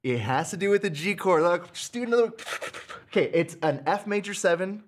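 A Canadian man co-hosting a casual piano live stream, upbeat and quick to laugh while steering to the questions. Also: high-pitched, lively intonation. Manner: upbeat, laughs easily, keeps the show moving. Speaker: piano teacher and co-host. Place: indoors at a piano.

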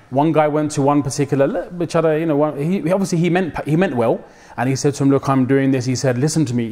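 Animated preacher, slangy and dramatic. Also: male voice, on the high side. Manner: code-switches with slang, dramatic quoted voices. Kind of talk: mosque talk.

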